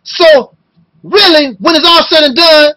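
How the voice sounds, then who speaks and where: A man in his fifties delivering an impassioned video rant, talking loud and emotional and firing off rhetorical questions. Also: very high-pitched, a little slow, rough recording. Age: 50s. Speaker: video blogger.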